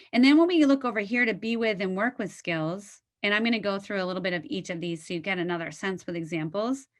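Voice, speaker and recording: A middle-aged American woman presenting a wellness webinar from her computer mic. Her voice sits at a middle pitch, and she talks in a chatty, animated way. She fills pauses with "um" and "like". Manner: animated storytelling with frequent "like" and "um", laughs. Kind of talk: webinar lecture.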